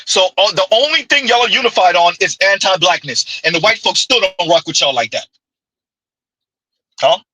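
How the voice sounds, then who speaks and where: A man's voice: sits high, animated, normal speed, bright, forceful tone, breathy edge, no room sound, low-quality recording. A man, hosting a sarcastic, heated commentary rant. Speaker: commentary channel host.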